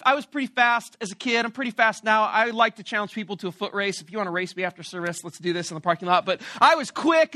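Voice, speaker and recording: Playful male pastor telling a story in a sermon, high voice, dry close sound. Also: no room sound. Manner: animated, playful, self-mocking.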